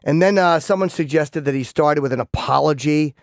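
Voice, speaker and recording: A man's voice: a little high, fairly quick, dry recording. A male radio host in casual studio banter, rambling through stammered restarts and swearing freely.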